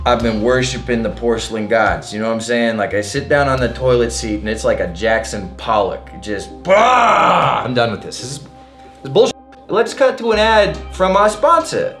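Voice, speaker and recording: A man's voice: medium pitch, fairly bright tone. Too Lit Larry, a man playing a crude gym bro. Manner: crude bro slang, mocking. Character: crude cocky young gym-bro male interviewer.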